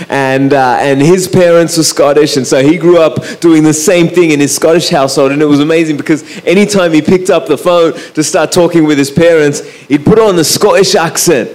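Australian man telling stories. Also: on the high side. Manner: relaxed, anecdotal, with frequent "uh" and restarts. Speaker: speaker. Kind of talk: storytelling talk to an audience. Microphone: microphone.

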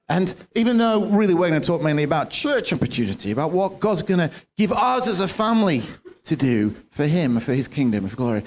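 A pastor with a slightly raised pitch preaches earnestly to his congregation. He talks from the church platform and now and then restarts his phrases. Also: darkish tone. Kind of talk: sermon.

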